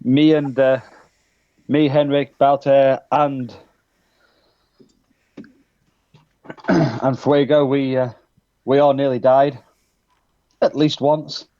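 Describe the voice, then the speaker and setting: A man's voice: medium pitch, level tone, extremely slow, pauses often, muffled recording. A man playing a tabletop game, plainly describing what his character does. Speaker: player. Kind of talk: casual tabletop play.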